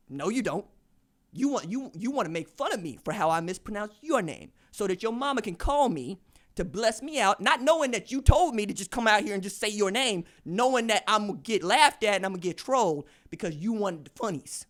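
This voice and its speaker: A man hosting a casual sports podcast, telling animated stories and acting out quoted voices. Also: high voice, moderate pace. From Tulsa, Oklahoma. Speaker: podcast host.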